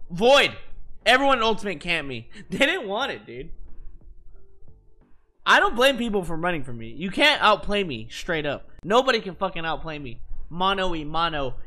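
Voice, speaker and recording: Brash, bright-voiced male streamer. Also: high-pitched, very animated, normal speed, long pauses. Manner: brash, profane trash talk. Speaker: game streamer. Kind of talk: casual live-stream gameplay chat.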